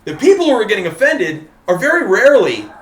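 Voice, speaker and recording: A man's voice: sits high, quick pace. A man, a comedian guest on a podcast, talking casually and with strong opinions. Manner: animated, opinionated, acts out voices in his stories. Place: podcast studio. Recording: roomy studio sound.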